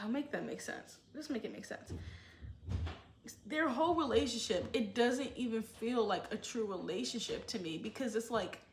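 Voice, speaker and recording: A woman's voice: fairly high pitch, expressive, moderate pace, slight background noise. Chatty opinionated woman ranting, acts out quotes, roomy echo. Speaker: show commentator. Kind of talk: casual commentary.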